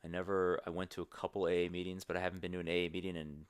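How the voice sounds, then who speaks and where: A young man with a very low voice speaks as a guest on a podcast, earnest and rambling as he circles back and restarts his thoughts. The sound is close and dry, with no room echo. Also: little pitch movement, very fast, clean tone. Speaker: podcast guest, strength coach. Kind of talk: candid conversational interview.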